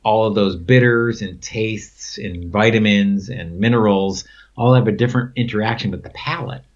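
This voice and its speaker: A man's voice: on the low side, moderate pace. A man telling rambling stories in a casual conversation, with many fillers and frequent laughs. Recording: dull lo-fi recording.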